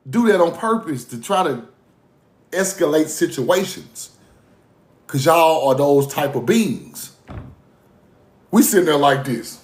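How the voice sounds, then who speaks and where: A man's voice: a little high, sing-song, a little slow, long pauses, reverberant. A man giving a loose, preachy monologue. He swings between muttered asides and raised bursts and laughs often as he talks. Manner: laughs often while talking. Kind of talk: casual monologue.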